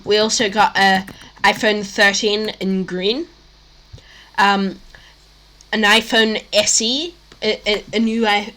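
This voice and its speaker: A woman's voice: medium pitch, a bit bright. A young woman hosting a casual tech news chat, rambling with many fillers and restarts, her mouth a bit dry. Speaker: tech show host.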